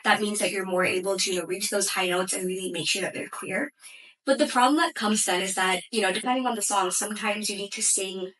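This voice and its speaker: A woman's voice: mid-range voice, a little fast, a bit bright, distant mic, rough recording. A young woman, an opera singer and student, answering interview questions in a thoughtful way full of "like" and "you know". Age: young adult.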